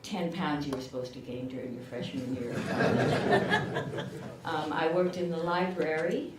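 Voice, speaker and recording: In an echoey room, picked up from a distance against steady background noise, an older woman accepts an award. Her voice sits a bit low, her accent is rural southern Illinois, and she keeps a measured pace while being chatty and self-deprecating.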